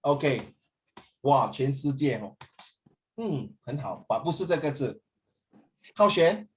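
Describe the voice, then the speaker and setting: A male teacher with a Singaporean English accent, leading a class in an animated way, switching between English and Mandarin and coaxing his students. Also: medium pitch, slow, a little hiss or hum.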